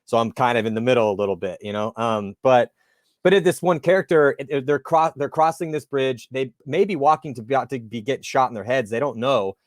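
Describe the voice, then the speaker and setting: A man's voice: mid-range voice, brisk, no room sound, clean studio sound. A man hosting an interview, chatting in a laid-back way and telling stories. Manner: laid-back storyteller, calls the guest dude. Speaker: interview host. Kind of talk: casual interview chat.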